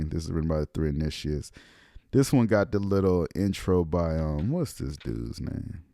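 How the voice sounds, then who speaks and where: A man's voice: low voice, mellow, dry recording, studio quality. A man giving a casual spoken lecture as a channel host, in loose, slangy, profane talk full of ums and restarts. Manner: slows down to read passages aloud.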